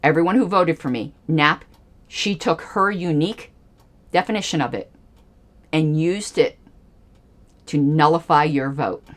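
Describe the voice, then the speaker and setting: A woman's voice: low-pitched, unhurried, pauses often. A woman hosting a livestream, giving angry, emphatic political commentary with pointed repetitions. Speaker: livestream host.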